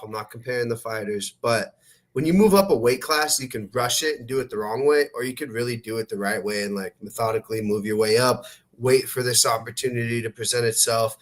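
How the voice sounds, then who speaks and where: Brash, profane sports podcast host. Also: male voice, mid-range voice. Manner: brash, profane, fast-talking. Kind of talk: casual sports chat.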